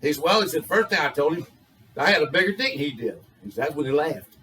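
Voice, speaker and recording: A man's voice: a little high, expressive, fast, bright, forceful tone, distant mic, low-quality recording. Older man telling raunchy jokes. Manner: folksy drawl, colorful storytelling. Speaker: joke teller.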